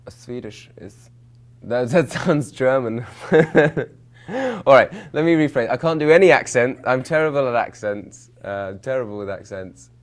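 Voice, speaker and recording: A man's voice: mid-range voice, brisk, hardly any pauses. A young man from London, an actor answering interview questions in a rambling, self-mocking way, full of fillers and restarts. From England, London.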